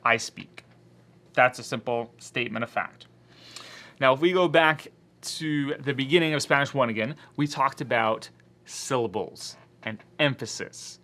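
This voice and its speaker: A male Spanish teacher explains grammar step by step in a patient classroom manner. His voice is bright and carries well, at an ordinary middle pitch for a man. He now and then acts out a student's doubts before answering them. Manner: explains patiently, voicing imagined student objections.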